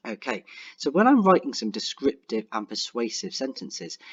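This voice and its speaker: A young man teaching a writing lesson online, talking clearly and encouragingly and slowing down to dictate example sentences. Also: medium pitch, muffled recording. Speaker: primary school teacher.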